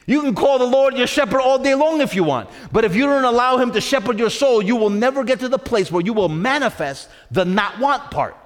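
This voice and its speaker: A male preacher with a high, very animated voice delivers an emphatic sermon. He circles back over the same phrases and keeps asking "right?" His voice rings out with long reverb.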